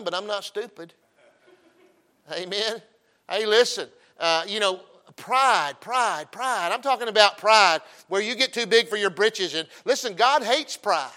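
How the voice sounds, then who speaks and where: There's a folksy, joking quality to this middle-aged pastor's preaching as he shifts from loud, punchy points to soft storytelling asides. His forceful, bright voice sits a little high for a man.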